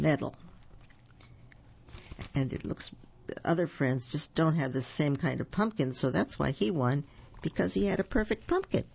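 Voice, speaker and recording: Slow, gravelly storybook reader. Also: medium pitch. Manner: gentle, explaining asides. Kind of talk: reading picture books aloud to children. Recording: dull lo-fi recording.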